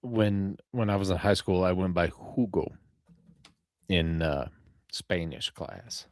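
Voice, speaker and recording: Podcast host, male, very low voice, dry close mic, crude laid-back humor. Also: slow, no echo. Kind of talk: casual banter among friends.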